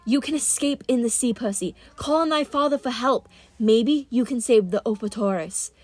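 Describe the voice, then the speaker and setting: A woman's voice: fairly high pitch, normal speed, no room sound, faint music behind, lightly acted. Storybook role: a woman playing a formal-spoken teenage huntress, pressing and urgent. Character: teenage huntress girl, formal old-fashioned speech.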